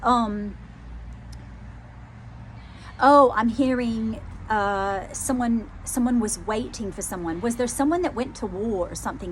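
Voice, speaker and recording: Hesitant, soft-spoken woman psychic medium. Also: a little high, a little hiss or hum. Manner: hesitant, repeats phrases, many fillers. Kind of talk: live psychic channelling reading.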